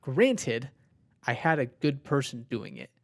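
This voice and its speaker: A very animated but slow-speaking young man with a medium-pitched voice co-hosts a podcast. His long story rambles loosely in casual conversation, studded with filler words and plenty of "likes."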